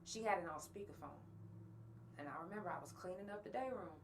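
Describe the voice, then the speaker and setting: A woman's voice: fairly low pitch, a little fast, distant mic, slight background noise. A woman hosting a podcast, talking bluntly and angrily to her listeners and swearing often. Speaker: podcast host. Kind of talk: candid monologue to listeners.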